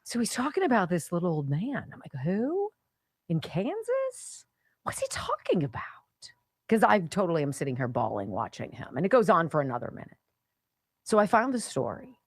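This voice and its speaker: A middle-aged woman hosts talk radio and swings her voice high and low as she builds sarcastic commentary. She is close on a studio mic with a dry, deadened sound. She often slips into quick impressions. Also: sing-song, breathy edge, no room sound. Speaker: radio talk show host.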